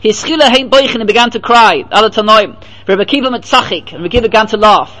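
A man teaching a Talmud lesson, mixing quoted Hebrew and Aramaic passages with English explanation in a storytelling manner that grows animated at emotional points. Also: high-pitched, fast, poor audio. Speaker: Torah teacher.

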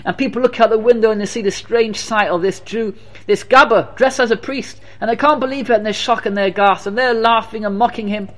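Man, high voice, religious teacher, storytelling sermon, emphatic, repeats phrases. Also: a little fast. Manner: animated, repetitive, emphatic.

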